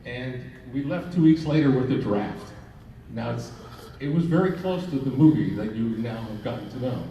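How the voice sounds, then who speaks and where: A man's voice: mid-range voice, lively intonation, moderate pace, warm tone. An older man from Canada, a film director, telling rambling anecdotes on a convention panel and chuckling as he goes. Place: large convention hall, indoors. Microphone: phone camera in the audience. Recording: echoey hall, distant mic, dull and faint hiss.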